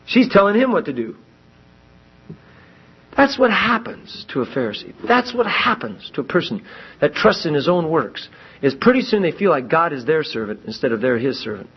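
A man preaching a sermon, animated, acting out quoted voices as he teaches. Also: on the high side, moderate pace, breathy edge. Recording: dull lo-fi recording.

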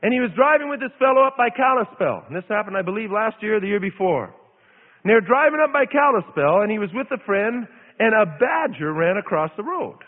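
Lively high-voiced preacher, tinny and echoey. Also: male voice, brisk. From Idaho, USA. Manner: animated, dramatic storytelling with repetition. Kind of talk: sermon with storytelling.

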